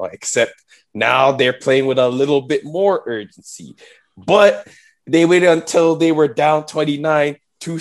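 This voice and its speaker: A man guest on a podcast, chatting about basketball in a measured, laid-back way. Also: mid-range voice. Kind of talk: casual sports chat.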